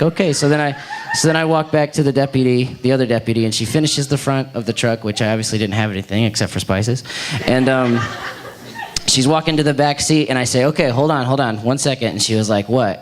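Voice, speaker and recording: A young man spins a story for a youth group. He laughs as he goes and acts out the voices in the scenes. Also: mid-range voice. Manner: animated, laughing, acts out the dialogue. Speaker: worship leader.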